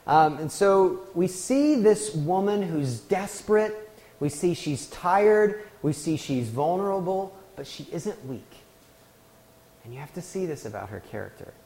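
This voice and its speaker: In a sermon filled with long hall reverb, a pastor shares a personal anecdote casually, poking fun at himself. His voice runs on the high side but carries a dark tone.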